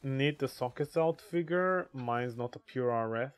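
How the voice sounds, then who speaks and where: Man, gaming livestream chat, crude joking, unhurried delivery, mid-pitched voice. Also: clear, resonant tone. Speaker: streamer.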